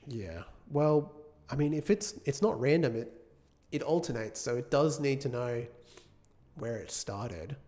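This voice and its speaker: Thinking out loud as he codes live, a game developer from the United Kingdom fixes his own slips and talks with viewers between tasks. He has a warm, expressive mid-range voice and an unhurried pace.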